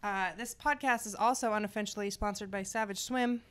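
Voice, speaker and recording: A woman's voice: medium pitch, steady tone, fairly quick. A young woman hosting a podcast in casual chat, brash and joking, swearing freely. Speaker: podcast host.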